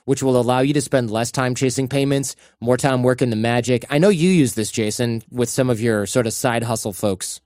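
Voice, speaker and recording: A man's voice: mid-range voice, a little fast, few pauses, darkish tone, no room sound, clean studio sound. Chatty male podcast host reading ads. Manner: chatty, acts out little quoted voices. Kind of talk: casual ad read with banter.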